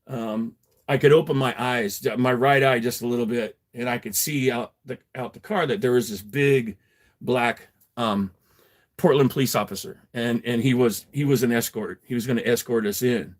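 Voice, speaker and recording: A middle-aged man spinning a long personal story on a livestream, swearing freely and rambling through restarts. His voice sits at an ordinary pitch, and he keeps a loose, conversational delivery. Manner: profane, rambling, chuckling. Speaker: livestream host. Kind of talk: casual storytelling.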